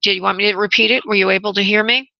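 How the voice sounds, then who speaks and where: Gravelly New woman giving readings. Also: medium pitch, steady tone, rapid-fire, bright, forceful tone, no room sound, dull audio. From New York. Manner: motherly, calls callers honey, direct and firm. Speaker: radio show host and spirit medium. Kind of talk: call-in radio reading.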